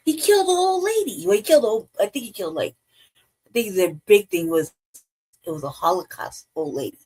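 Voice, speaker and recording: A middle-aged woman talks through political commentary in a blunt, profane way. She laughs often and throws in animated asides. Her voice sits in a middle pitch. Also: brisk, slightly rough. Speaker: podcast co-host.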